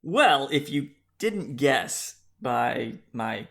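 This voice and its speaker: A man's voice: mid-range voice, expressive, normal speed, vocal fry, fairly bright tone. A man hosting a book podcast in casual, joking chat. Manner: joking, easygoing. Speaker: podcast host.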